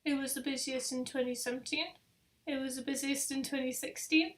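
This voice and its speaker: A woman's voice: high-pitched, fairly even intonation, fairly quick. A young woman hosting a casual live travel quiz, chatty and rambling, with self-deprecating asides. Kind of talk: casual live-stream chat.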